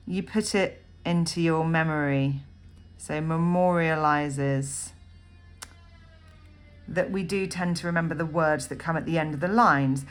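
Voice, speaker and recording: A woman with a fairly low voice talks through a poem like a teacher in a recorded lesson. She fills pauses with ums and pauses to jot notes as she explains. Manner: thinks aloud, frequent ums, annotates while talking. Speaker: literature teacher. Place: at a desk writing notes.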